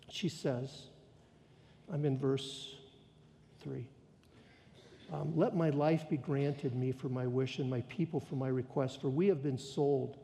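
A man preaching a sermon, retelling a story with lively emphasis and voicing the people in it. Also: fairly high pitch, vocal fry. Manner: storytelling, quoting characters with rising emphasis. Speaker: pastor. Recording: long hall reverb.

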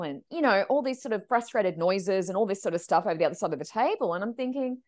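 A woman's voice: medium pitch, fast, hardly any pauses. A woman who works as a medium, telling stories in a casual podcast chat and acting out the voices of people in them. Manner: animated, acts out quoted voices.

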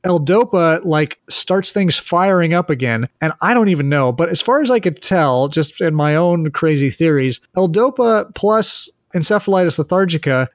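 A man's voice: a little high, expressive, moderate pace, few pauses, dry recording, studio quality. A man hosting a podcast who tells a story in a casual chat, hedging often and using "like" a lot. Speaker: podcast host telling the story.

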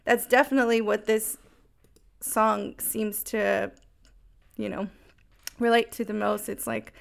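A woman's voice: mid-range voice, fairly even intonation, unhurried, creaky, pauses often. A woman co-hosting a podcast, chatting casually about songs with lots of filler words. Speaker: podcast co-host.

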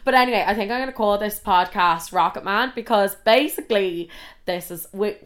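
A young adult woman with an Irish accent, hosting a podcast and telling casual stories in an animated, expressive way, swearing often and jumping into high, loud outbursts. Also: brisk. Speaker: podcast host. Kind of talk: casual storytelling.

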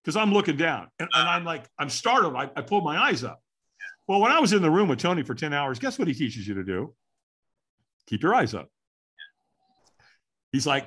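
A man's voice: a little fast, pauses often, slightly rough. A man in his sixties telling a personal story as a podcast guest, acting out what people said with big swings in his voice. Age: 60s. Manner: animated, acts out quotes with big pitch swings.

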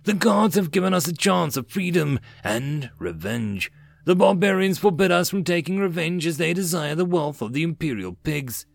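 A man's voice: a little high, animated, moderate pace, creaky, no echo, voice pushed up. A man voicing a scheming, angry ex-slave rebel leader who hisses with bitter fervor. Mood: fearful. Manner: hissing, bitter, fervent.

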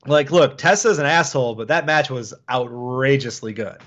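A man's voice: mid-range voice, moderate pace, a bit bright. Male podcast co-host, casual and jokey, dull lo-fi recording. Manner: jokey, riffing, does goofy bits. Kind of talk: casual wrestling podcast chat.

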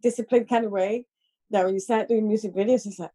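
Spanish woman, Scottish-tinged accent, podcast guest, soft husky mellow voice, laughs a lot. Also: mid-range voice, fairly even intonation, fast. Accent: Spanish with a Scottish lilt. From Spain. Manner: laughs often, rambling with restarts. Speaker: podcast guest, focus puller. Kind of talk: casual interview chat.

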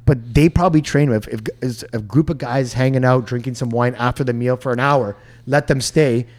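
A man's voice: mid-range voice, brisk, darkish tone. A man who runs restaurants, a podcast guest chatting casually and enthusiastically with many fillers. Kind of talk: casual chat.

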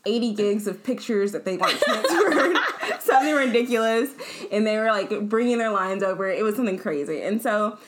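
A woman's voice: medium pitch, animated, moderate pace, background noise. A young woman telling a personal story in a casual chat, rambling with lots of fillers and self-corrections.

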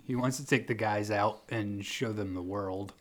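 A man's voice: lowish voice, normal speed, fairly bright tone. A man co-hosting a casual podcast, recapping a movie scene by scene, joking, swearing and laughing often. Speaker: podcast co-host.

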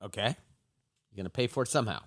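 A man's voice: lowish voice, fast talker, a bit bright. A man co-hosting a radio talk show, asking prompting questions and keeping it playful.

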